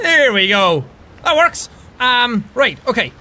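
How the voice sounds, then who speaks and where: Loud, excitable Irish gamer man. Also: extremely high pitch, unhurried, a little hiss or hum. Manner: loud, swears often, yells with excitement. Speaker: gaming YouTuber. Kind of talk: excitable let's-play commentary.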